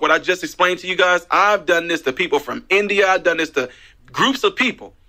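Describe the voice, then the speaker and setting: A man talking on the radio, a minister by calling, telling his story with lively emphasis and plenty of repeats. His voice sits a little high for a man and sounds bright and forceful. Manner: animated storytelling, emphatic repetitions. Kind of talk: casual radio talk. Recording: radio broadcast.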